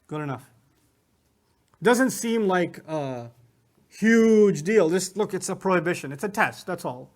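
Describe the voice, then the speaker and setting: A male teacher with a fairly high voice gives an animated lecture on Quran commentary. He keeps asking his listeners rhetorical questions and answering them himself. He retells stories with humor and quoted voices.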